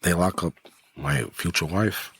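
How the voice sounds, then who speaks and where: A middle-aged New Yorker, a former mob enforcer appearing as a guest, tells a story in casual talk with a husky, unhurried voice. He's animated, acting out the quotes with a rising pitch.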